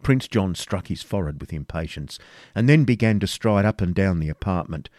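A man narrating a classic novel as an audiobook, in a measured, expressive reading. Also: sits low, no room sound, studio quality.

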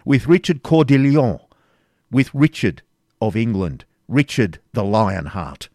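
A man's voice: medium pitch, sing-song, slow pace, darkish tone, no room sound, studio quality, pitched above the performer's own voice. A man voicing a battle-worn knight in an audiobook reading, speaking in grave, blunt courtly phrasing. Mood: grim.

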